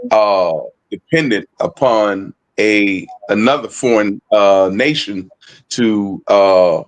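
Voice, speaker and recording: Male co-host, low voice, halting delivery full of fillers, phone audio. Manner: halting, many fillers and restarts. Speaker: co-presenter. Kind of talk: casual online discussion.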